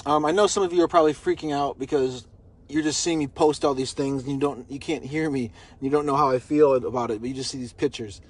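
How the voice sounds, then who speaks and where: A man's voice: mid-range voice, fairly even intonation, quick pace. A man recording a personal video message, rambling and repeating himself as he vents his frustration. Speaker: vlogger.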